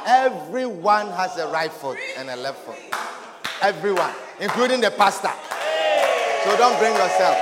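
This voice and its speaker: Male pastor, very high voice, lively sermon, long hall reverb. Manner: animated, often laughing and shouting, acts out quoted voices. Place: church hall. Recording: echoey hall with crowd. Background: congregation.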